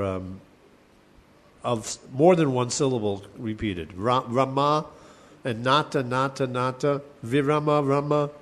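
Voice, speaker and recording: A man teaching a class on verse, thinking aloud with many restarts and chanting lines slowly. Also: mid-range voice. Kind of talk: class lecture on Sanskrit poetics.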